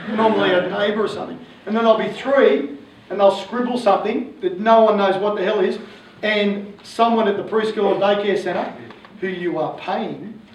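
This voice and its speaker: An Australian man in his forties, a coach giving a joking, animated public talk to parents. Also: high-pitched, background noise. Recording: echoey hall from far off, faint ambience.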